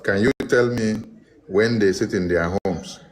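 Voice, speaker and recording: A man's voice: fairly low pitch, a little slow, a little hiss or hum, poor audio. A man with a Nigerian accent giving mocking political commentary and slipping into Pidgin. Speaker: online commentator.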